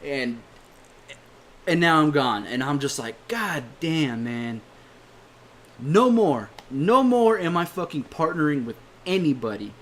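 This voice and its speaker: A man's voice: on the high side, lively intonation, takes it slowly, a bit bright. A young man, a YouTuber, delivering a heated, profane rant to his viewers, blunt and swearing often. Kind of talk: angry rant to camera.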